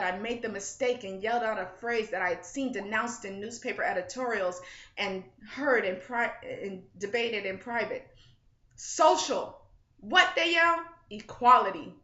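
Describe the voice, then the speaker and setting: A young woman student earnestly reading a first-person story passage aloud in a measured way for a class assignment. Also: mid-range voice, a bit bright. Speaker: student reader. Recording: dull, roomy recording.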